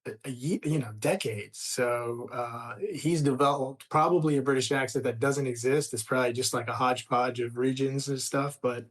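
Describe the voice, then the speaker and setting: A middle-aged man, a screenwriter chatting as an interview guest, rambling with many restarts and trailing off softly. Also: mid-range voice, fairly even intonation, moderate pace. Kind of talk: casual interview conversation.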